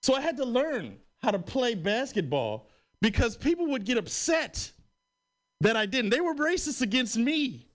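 A man doing a stand-up comedy set in a radio studio, animated and swearing freely, his voice climbing high when he gets worked up. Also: moderate pace. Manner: animated, swearing, rising to a high-pitched exclaim. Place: radio studio hosting a live comedy show.

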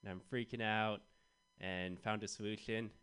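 A man's voice: lowish voice, fairly even intonation, normal speed, fairly bright tone, smooth. A young man performing a self-deprecating stand-up set on a club stage, telling awkward stories about himself. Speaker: stand-up comedian.

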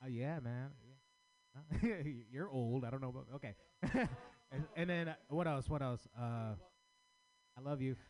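A man's voice: medium pitch, measured pace, darkish tone. A man offering notes to a fellow comedian, hesitant and rambling. He keeps breaking off into crude riffs as he talks. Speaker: fellow comedian giving feedback. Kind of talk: casual chat.

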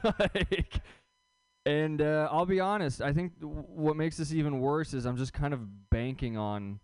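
A man's voice: mid-range voice, darkish tone, clean tone, dry recording. Rambling self-mocking male stand-up comic. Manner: rambling, self-deprecating, stumbling over words. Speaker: stand-up comedian. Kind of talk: stand-up comedy set.

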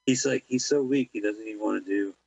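A man's voice: lowish voice, creaky, a little mellow, slightly rough, no echo. A man co-hosting an internet radio show, cracking jokes about a movie. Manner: wisecracking, quick puns. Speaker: podcast co-host. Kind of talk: casual movie riffing. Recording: dry dull lo-fi sound.

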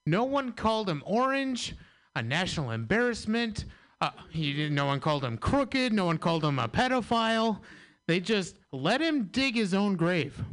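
A man doing a stand-up set, his pitch moving around a lot. His voice sits slightly high. He slips in offhand asides between jokes. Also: sing-song, moderate pace, fairly bright tone. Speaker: stand-up comedian. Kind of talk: stand-up routine.

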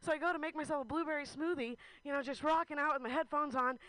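A high, bright woman in her thirties tells a stand-up story. She rambles candidly and keeps breaking into laughter between lines. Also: fast. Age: 30s. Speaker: stand-up comedian. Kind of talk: stand-up comedy set.

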